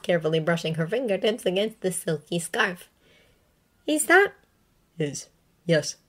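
A woman reading a fanfiction story aloud with expressive, emotive delivery. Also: fairly low pitch. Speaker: reader.

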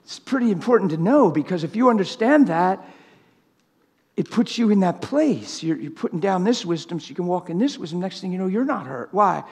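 Impassioned preacher man, high husky voice. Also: lively intonation, a little fast. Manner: impassioned, swings from loud to hushed. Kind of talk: sermon. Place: church sanctuary.

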